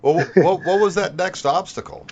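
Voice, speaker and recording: A man's voice: high voice, moderate pace, gravelly, a crowd in the background. A male podcast host asking eager, enthusiastic questions in a casual interview.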